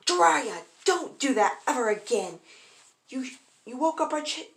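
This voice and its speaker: A woman voicing a fiery young mother who yells at a friend. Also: high voice, very animated, extremely slow, voice pushed up, exaggerated voice. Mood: angry. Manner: yelling. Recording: echoey room.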